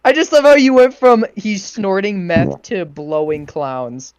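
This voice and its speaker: A young man in casual chat on a voice call, teasing his friend with deadpan interjections. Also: sits high, measured pace, clear, resonant tone, no room sound. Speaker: podcast co-host.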